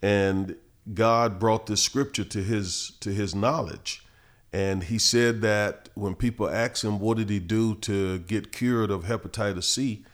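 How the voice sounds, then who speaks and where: Pastor guy, lowish voice, chats then gets all preachy reading verses. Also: fairly even intonation, a little slow. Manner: preachy, rises in pitch and force reading scripture. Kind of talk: podcast Bible teaching.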